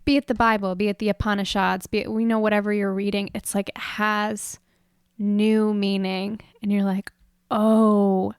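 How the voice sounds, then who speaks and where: A woman's voice: mid-range voice, little pitch movement, moderate pace, clear, resonant tone, dry recording, clean studio sound. A woman guest on a podcast, talking in a reflective, spiritual way with casual slang. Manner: reflective, spiritual, says "man". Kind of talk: casual conversation.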